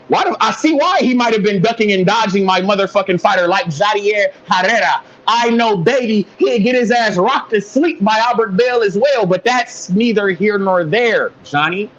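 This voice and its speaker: A man's voice: high-pitched, highs cut off. A man calling in to rant about boxing, fired up and heavily profane. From American Midwest. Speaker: caller. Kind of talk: heated boxing call-in rant.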